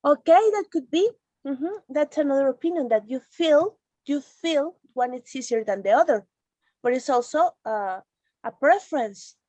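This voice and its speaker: Female host of an online teachers' meeting, higher pitch, dry close sound, explanatory. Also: animated, moderate pace, darkish tone, dry recording. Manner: explanatory, reassuring. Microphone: video call.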